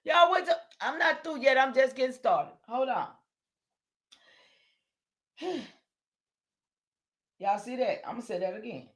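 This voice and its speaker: A middle-aged woman preaches on a livestream in a high voice. She talks straight to her viewers, excitable and insistent. Often she breaks into shouts. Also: a little slow, pauses often, muffled recording. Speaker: livestream host. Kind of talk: impassioned livestream talk.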